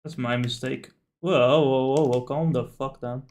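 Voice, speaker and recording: A man's voice: medium pitch, a little slow. A man streaming a video game, rambling through stories in casual chat, full of fillers and the odd curse. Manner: rambling, animated storyteller with frequent fillers and swearing.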